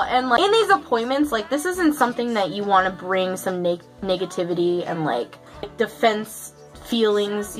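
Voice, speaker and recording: Bright-voiced young woman telling a story. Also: mid-range voice, poor audio. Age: young adult. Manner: chatty, profane, filler-heavy storytelling. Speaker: vlogger. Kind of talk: casual storytime.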